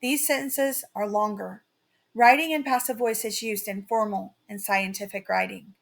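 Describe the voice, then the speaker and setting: A woman teaching a writing lesson in a slow, carefully read-out, scripted delivery. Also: medium pitch, fairly even intonation, gravelly.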